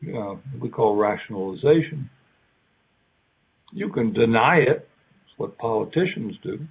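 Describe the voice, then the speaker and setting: A man delivers a keynote lecture, talking slowly and conversationally, pausing and restarting as he acts out small quoted exchanges. His voice is husky, at a middling pitch for a man. The recording is narrow and tinny, like a phone line. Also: lively intonation. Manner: conversational, halting, acts out little quoted lines. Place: lecture hall.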